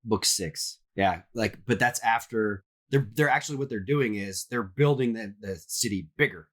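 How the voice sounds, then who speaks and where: A man's voice: lowish voice, normal speed. A man co-hosting a podcast in casual chat, teasing the others and correcting details. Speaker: podcast co-host.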